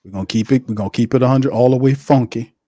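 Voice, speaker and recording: A man's voice: mid-range voice, fast talker, mellow, dry recording, studio quality. Blunt, ranting male sports host. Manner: blunt, heated ranting with slang and cursing. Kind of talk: live sports watch-party commentary.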